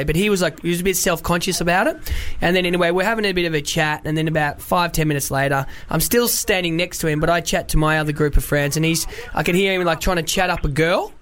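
A man's voice: fairly high pitch, fairly bright tone, a little hiss or hum. A man hosting a radio show, chatting and telling stories with lots of laughter. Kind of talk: casual radio banter.

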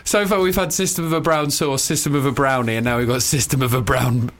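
A man's voice: mid-range voice, fairly even intonation, quick pace, a bit bright, slight background noise. A man hosting a radio show, teasing and laughing with callers. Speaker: radio host. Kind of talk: casual radio banter.

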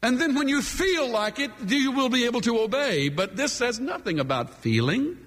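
A man's voice: extremely high pitch, very animated, moderate pace, a bit bright. A man preaching a sermon from the pulpit, emphatic and dramatic, leaning hard on key words. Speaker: pastor. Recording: long hall reverb.

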